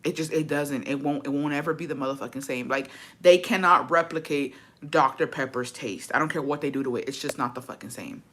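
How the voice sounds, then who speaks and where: A deep-voiced woman speaking a little fast, her tone fairly bright. As a vlogger chatting casually with viewers on camera, she drops Spanish phrases into English and keeps things profane and dramatic.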